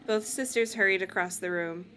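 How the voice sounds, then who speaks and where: A woman's voice: mid-range voice, steady tone, sharp tone. A woman co-hosting a comedy podcast, reading a children's horror book aloud and laughing at the text. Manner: reads narration briskly, laughing at the text.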